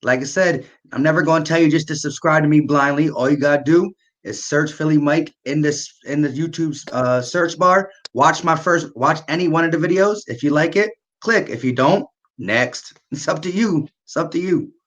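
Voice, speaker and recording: Relaxed sports stream man, lo-fi. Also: fairly high pitch, normal speed, few pauses. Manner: relaxed, reads out viewer comments. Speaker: co-host of a fan sports stream. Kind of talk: casual sports chat. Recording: dull lo-fi stream audio.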